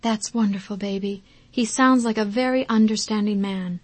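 A woman doing a gentle, tender middle-aged mother. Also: medium pitch, moderate pace, no echo, close to an everyday voice. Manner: tender and carefully steady. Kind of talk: audiobook character reading.

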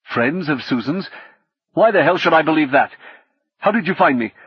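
A male narrator voicing a bad-tempered old male hacker with a South African accent, gruff and snapping. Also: on the high side, animated, normal speed, dry recording, lo-fi sound, pitched above the performer's own voice. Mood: irritable.

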